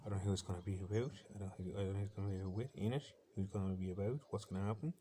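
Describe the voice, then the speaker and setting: An intense Irish man rambles through a defiant personal monologue at a fast clip. His voice sits low and stays flat, with little rise or fall. Faint bird sounds play on a laptop behind him. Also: slight background noise.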